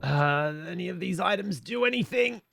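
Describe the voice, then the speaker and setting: A man's voice: sits high, animated, moderate pace, gravelly, bright, forceful tone, soft background music. Sarcastic male game streamer. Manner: sarcastic, jokey, muttering. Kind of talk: casual gameplay commentary.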